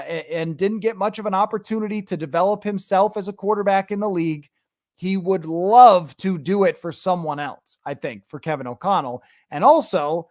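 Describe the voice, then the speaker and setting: A man with a fairly high voice hosts a sports podcast in a loose, conversational way, reading out viewer comments and answering them with opinionated asides. The sound is dry and close, with no room echo. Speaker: podcast host.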